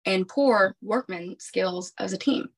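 A woman, a podcast guest, recounting a personal story in an animated, emphatic way with frequent restarts. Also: medium pitch, takes it slowly, vocal fry.

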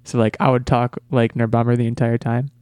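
A man's voice: mid-range voice, flat delivery, fairly quick, darkish tone, clean tone, dry recording. A man hosting a casual movie podcast, talking eagerly and often repeating words as he restarts. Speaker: podcast host.

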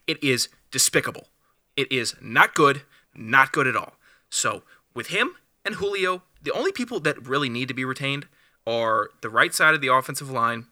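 A man arguing football with a very bright, cutting edge to his voice, and he calls himself passionate. He gets worked up and loud in his points, sounding close and dry on the mic. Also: mid-range voice, no room sound. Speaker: podcast co-host. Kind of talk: heated sports talk.

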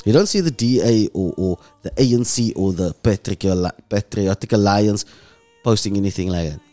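A man with a South African accent hosting an emotional commentary monologue, impassioned and dropping low and soft when moved. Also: moderate pace, soft background music. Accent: South African English. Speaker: host.

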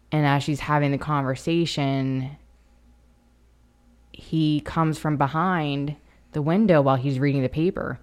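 A woman co-hosting a casual film podcast, talking with eager, halting restarts. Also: low voice, darkish tone. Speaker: podcast co-host. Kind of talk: casual chat.

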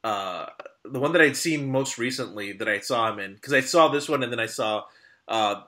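A man co-hosting a podcast, talking casually about classic films with halting restarts and frequent laughter. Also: medium pitch, bright, forceful tone. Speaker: podcast co-host. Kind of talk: casual film discussion.

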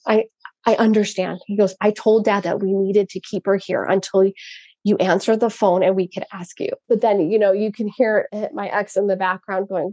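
An earnest, reflective middle-aged woman in casual talk on a call. Her pitch sits in the middle range, and the sound is dry and close, with no room around it. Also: darkish tone, no room sound. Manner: earnest, reflective, laughs often, acts out quotes. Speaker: program participant sharing her story.

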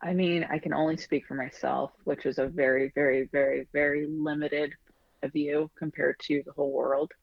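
A man speaks as a podcast guest, reflective and blunt, with an occasional curse. His voice is gravelly and slightly muffled, as if from a duller mic. It sounds dry and close, with no room echo. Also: fairly high pitch, little pitch movement, normal speed. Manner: reflective, speaks frankly with some swearing. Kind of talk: casual podcast conversation.

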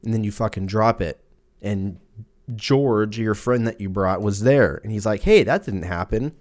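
A man's voice: fairly low pitch, fairly even intonation, unhurried, a little mellow. A man in his thirties hosting a casual solo podcast, rambling and cursing with jokey asides. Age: 30s. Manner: profane, rambling, jokey, puts on silly voices for quotes. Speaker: podcast host.

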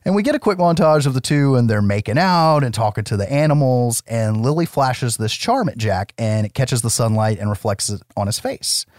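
A man from the United States co-hosting a casual film chat, animated, swearing and laughing often as he recaps the plot. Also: medium pitch, fairly quick, hardly any pauses, no room sound, clean studio sound. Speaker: podcast co-host.

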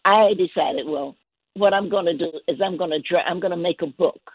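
A woman guest telling a gentle story on a call-in show, halting and repeating her words. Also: lowish voice, breathy edge, no room sound. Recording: dry tinny phone line.

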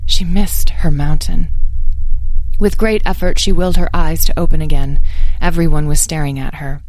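A woman reads a storybook aloud in a measured, expressive way. Her voice sits low, and the recording is close and dry with no room sound. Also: dry recording. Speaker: narrator. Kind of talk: audiobook narration.

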